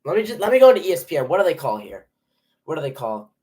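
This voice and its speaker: A man's voice: a little high, fast talker. Jittery young man calling a game live. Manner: nervous, excitable, stumbling over restarts. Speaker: fan streaming a live game reaction. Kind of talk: live play-by-play reaction.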